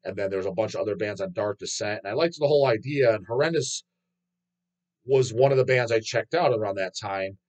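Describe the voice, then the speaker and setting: A middle-aged man hosting a podcast, ranting casually in a profane, opinionated and animated way. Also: lowish voice, brisk. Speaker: podcast host. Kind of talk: casual rant.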